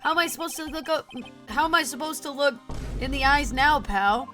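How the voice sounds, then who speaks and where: Woman playing a hapless high-voiced game detective, blustery and flustered. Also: a little fast, bright, forceful tone, faint music behind. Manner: blustery, stammering, ends lines with "pal". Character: bumbling loyal adult male police detective.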